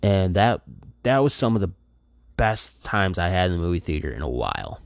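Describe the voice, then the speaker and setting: A man's voice: low voice, sing-song, normal speed, gravelly, no room sound, studio quality. A worn-out man rambling loosely through a casual solo podcast from his apartment, full of fillers. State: tired, worn out. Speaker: podcast host.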